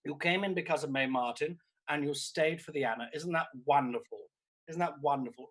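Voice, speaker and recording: Man doing a theatrical diva actress, camp, sweary, drawn-out declarations, slightly high voice, home stream. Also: fairly bright tone, low-quality recording. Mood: gushing. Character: vain grande dame actress, middle-aged woman, theatrical and self-absorbed. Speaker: comedian host. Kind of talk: live-streamed character comedy. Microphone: laptop or streaming mic.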